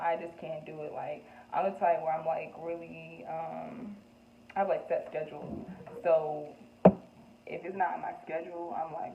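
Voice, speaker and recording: A woman's voice: low-pitched, creaky. A young woman vlogger chatting candidly through get-to-know-me questions, with lots of "like" and "um" and frequent laughs. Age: young adult. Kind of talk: casual chat. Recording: echoey room, tinny phone-like sound, faint background noise.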